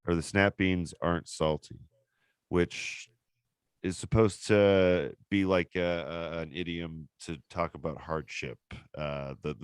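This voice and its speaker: A man's voice: sits low, measured pace, clear, resonant tone, no room sound, clean studio sound. A man hosting a podcast in casual chat, explaining things loosely with lots of fillers. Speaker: podcast host.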